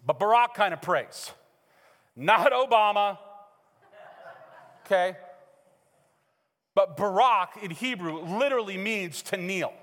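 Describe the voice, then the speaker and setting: High-voiced man preaching, middle-aged pastor, playful storyteller, long church reverb. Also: slow pace, pauses often. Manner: animated, joking storyteller who acts out quotes. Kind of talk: sermon. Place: church sanctuary. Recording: hall reverb.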